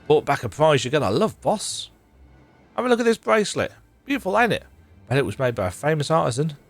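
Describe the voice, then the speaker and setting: A man's voice: very high-pitched, expressive, normal speed, vocal fry, faint music behind, voice pushed up, exaggerated voice. A man voicing a nervous, grovelling male bandit underling with a whiny, pleading tone. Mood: eager.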